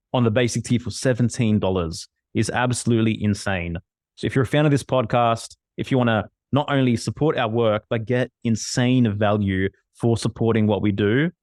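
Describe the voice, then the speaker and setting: A man's voice: lowish voice, darkish tone, dry recording, studio quality. A man hosting a podcast, enthusiastically promoting membership tiers with emphatic delivery. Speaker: podcast host. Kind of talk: promotional read.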